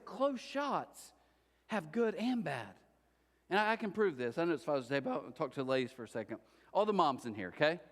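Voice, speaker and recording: A middle-aged man preaching a sermon as pastor, telling humorous stories and speaking directly to the congregation. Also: a little high. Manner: lively humorous storytelling, addresses the congregation directly. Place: church auditorium. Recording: reverberant church hall.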